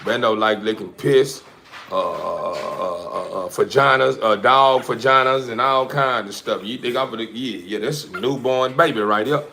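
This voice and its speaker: A man's voice: mid-range voice, normal speed, vocal fry, pushed and bright. A man who breeds dogs, chatting loosely to viewers on a livestream, full of slang and fillers. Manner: loose, rambling slang-heavy talk with many fillers. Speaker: dog breeder. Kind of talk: casual livestream chat.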